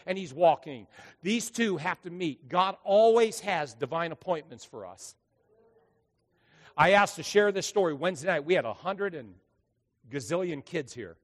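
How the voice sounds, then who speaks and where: A male pastor preaching a sermon in a church, emphatic, swinging between loud and hushed. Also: high voice, in a large hall. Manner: emphatic preaching with dramatic acted quotes and big volume swings. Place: church sanctuary.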